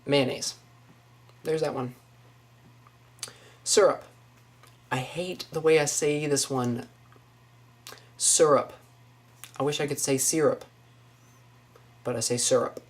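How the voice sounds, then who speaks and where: Slow-talking young woman, Northwest Florida accent. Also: sits low, steady tone. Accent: Northwest Florida Southern US. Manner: musing, says each test word then comments on it. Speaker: vlogger. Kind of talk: casual accent-tag video. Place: small apartment indoors.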